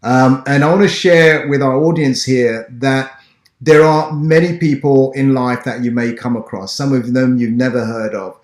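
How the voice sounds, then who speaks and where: A man's voice: medium pitch, fairly even intonation, moderate pace. Male interview host with an English accent, upbeat and encouraging, recorded with some room echo. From Ghana. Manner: encouraging, motivational. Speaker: podcast host. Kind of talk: business interview. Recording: roomy echo.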